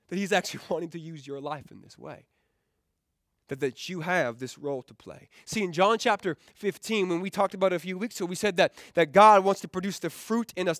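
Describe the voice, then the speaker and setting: A man's voice: high-pitched, fairly bright tone, dry recording, studio quality. A man preaching a sermon as pastor in a casual, conversational way, often repeating words, asking "right?" and adding jokey asides. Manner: keeps checking in with the crowd with "right?"; joking asides. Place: rented event hall used for church.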